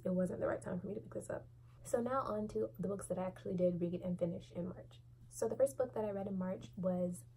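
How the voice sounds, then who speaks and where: A woman's voice: medium pitch, warm tone, slight background noise, low-quality recording. A young woman from the States, chatting candidly and expressively about books she has read. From Southern United States. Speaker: book vlogger. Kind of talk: casual book review chat.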